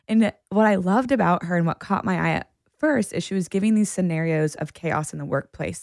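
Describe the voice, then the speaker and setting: A woman co-hosting a podcast, telling stories in a relaxed, reflective casual chat. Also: lowish voice, vocal fry, dry recording, studio quality. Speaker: podcast co-host.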